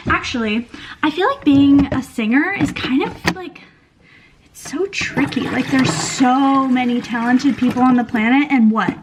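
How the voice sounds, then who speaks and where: A woman's voice: high voice, a little fast, a little hiss or hum. A young woman in her twenties chatting casually in a vlog, swearing freely and saying "like" constantly. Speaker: vlogger. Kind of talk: casual chat.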